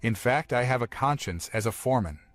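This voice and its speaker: A wily middle-aged foreman from a comic tale haggles in a wheedling, deferential tone, as a narrator reads him. The sound is dry and near. Soft music plays underneath. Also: medium pitch, expressive, a little fast, no room sound, lightly acted.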